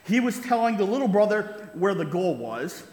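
A man's voice: high voice, big pitch swings, normal speed, darkish tone. A man preaching a sermon, telling a story with frequent "right?" asides and chuckles. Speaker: pastor. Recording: roomy hall reverb.

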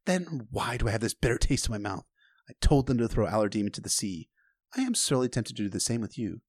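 A man's voice: mid-range voice, very animated, fast talker, no room sound, voice pushed down. A man voicing a sardonic, bitter noble lord, speaking in a dry, cutting way during a book reading.

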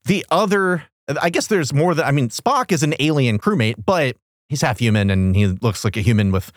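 A man co-hosting a casual chat, animated and laughing often. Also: mid-range voice, moderate pace, no room sound, clean studio sound. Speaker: podcast co-host.

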